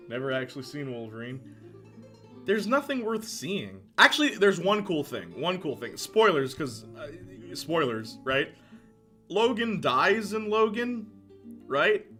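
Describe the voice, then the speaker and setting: A young man streaming casual commentary, animated, laughing often and answering chat. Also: on the high side, slow, pauses often, faint music behind.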